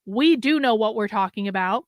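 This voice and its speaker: A woman's voice: on the high side, lively intonation, normal speed, no echo. A woman hosting a reaction commentary show, talking back to a clip in a blunt, sarcastic, mocking way.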